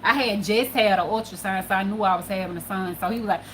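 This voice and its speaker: Woman, casual vlog storyteller, profane and animated, faint background noise. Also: medium pitch, fast talker. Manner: animated and profane, swinging between hushed and loud. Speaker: spiritual channel host.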